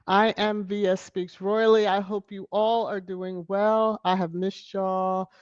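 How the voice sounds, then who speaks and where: Host for a casual live stream, reads comments aloud, springs into bright, high-pitched hellos, dry close mic with a slightly muffled feel. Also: slow pace, clear, resonant tone, dry recording. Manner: greets viewers in bursts of high, loud excitement.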